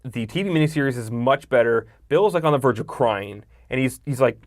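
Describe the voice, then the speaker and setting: Fast-talking opinionated man reviewing movies. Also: medium pitch, no room sound, studio quality. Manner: opinionated, swears freely; often acts out characters' lines. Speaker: podcast co-host. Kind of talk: casual movie review chat.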